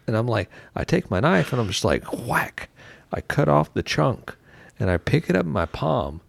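A man's voice: medium pitch, very animated, moderate pace, gravelly, no room sound. A man telling a story in casual chat, acting out his own lines. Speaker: barbecue team member.

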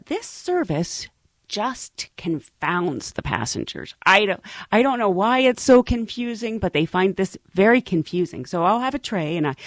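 A woman who works as a flight attendant, telling funny work stories in a casual, animated way and laughing often. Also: on the low side, no room sound.

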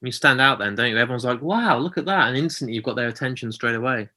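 Chatty podcast host, bright voice. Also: male voice, medium pitch, fairly even intonation, racing. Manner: chatty, asks long rambling questions. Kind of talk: casual interview chat.

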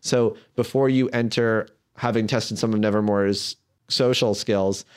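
A man's voice: lowish voice, fairly even intonation, measured pace, darkish tone, clean tone. A man running a tabletop game as game master, narrating the scene.

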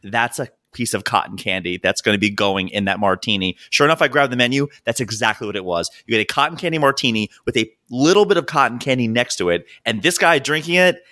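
A man co-hosting a casual podcast chat, telling stories in an animated, joking way. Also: mid-range voice, fast talker, few pauses. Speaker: podcast co-host.

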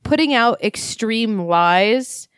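A woman's voice: on the high side, lively intonation, takes it slowly, clear, resonant tone, no echo. Woman, blunt crude co-host, mid-range voice, dry close sound. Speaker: podcast co-host. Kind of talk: casual chat.

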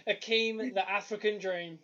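Excitable high-voiced man. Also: unhurried, dull audio. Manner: excitable, animated storytelling with loud bursts. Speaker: podcast co-host. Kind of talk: casual chat.

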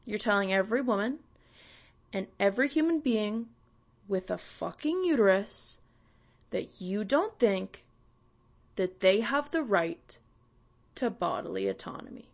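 Slow, blunt ranting woman. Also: mid-range voice, expressive. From Canada. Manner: blunt, swearing, sarcastic. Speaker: podcast host. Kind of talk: ranting monologue.

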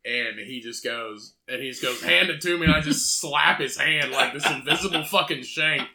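A man's voice: mid-range voice, moderate pace, over a noisy crowd. A young man co-hosting a podcast, talking bluntly and profanely in casual chat. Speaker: podcast co-host.

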